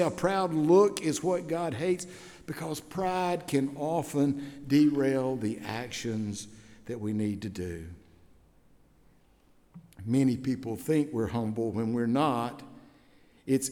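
A middle-aged man preaching a sermon as pastor, telling stories and swinging from hushed prayer to loud exclamations. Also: on the high side. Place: church sanctuary. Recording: long hall reverb in a church.

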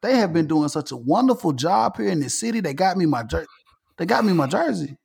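A man hosting a casual sports podcast, animated and ranting, repeating himself. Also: a little high, brisk, vocal fry, husky. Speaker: podcast host.

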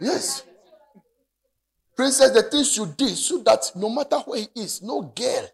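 A man with a Ghanaian English accent preaching a sermon to a congregation in a church, with an animated, sing-song delivery. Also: very high voice, measured pace, gravelly. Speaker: pastor.

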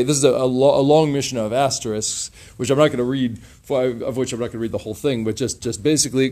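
A man teaching an informal class on a religious text, talking in a halting, chatty way with many restarts. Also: medium pitch, darkish tone. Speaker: teacher leading a Mishnah class.

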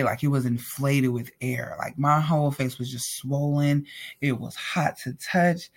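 A man with a somewhat high voice tells a personal story in a casual vlog. He is candid and animated and speaks straight to his viewers. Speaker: vlogger telling a personal story.

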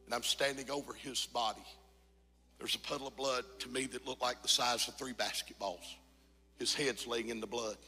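A man preaching a sermon as pastor, moving from quiet confession to shouted, sung climaxes. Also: medium pitch, steady tone, normal speed, long reverb tail. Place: church sanctuary.

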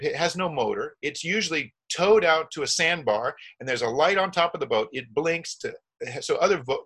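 A man's voice: mid-range voice, a bit bright. A middle-aged man telling a long travel story in a rambling way, with many restarts and acted-out quotes. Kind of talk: casual storytelling.

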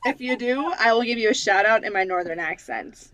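A woman's voice: medium pitch, a little fast, fairly bright tone, no echo, rough recording. A woman with a Wisconsin accent co-hosting a podcast in casual chat, giggly and joking after a few drinks. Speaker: podcast co-host.

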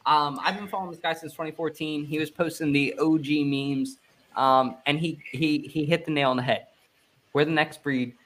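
A man in his twenties hosting a casual sports podcast, talking with excitable, hyped fan energy. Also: a little high, normal speed, slight background noise. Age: 20s. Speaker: podcast host.

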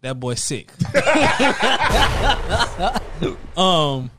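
A man's voice: mid-range voice, animated, moderate pace, heavy background noise. A man co-hosting a podcast, joking and laughing through his lines. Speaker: podcast co-host. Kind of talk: joking casual podcast chat.

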